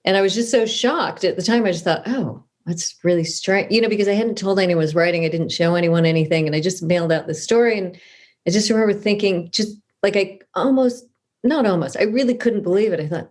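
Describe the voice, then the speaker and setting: In a conversational interview, the guest is a middle-aged woman author from Southern California telling stories, chatty and self-deprecating with frequent restarts. Her pitch is fairly low, her tone a little mellow, and her pace quick.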